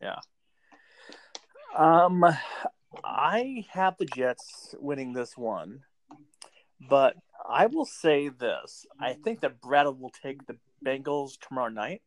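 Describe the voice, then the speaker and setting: A man's voice: mid-range voice, very animated, takes it slowly, no room sound. A man hosting a casual sports chat, making game picks in a chatty way with sarcastic asides. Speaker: podcast host making football picks.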